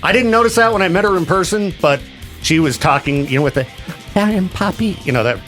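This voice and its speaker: A man hosting a casual radio show, chatty and quick to laugh, with a sore back. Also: fairly high pitch, lively intonation, fairly bright tone, soft background music. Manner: chatty, laughs often, slips into mock voices. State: sore back after vomiting. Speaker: radio host.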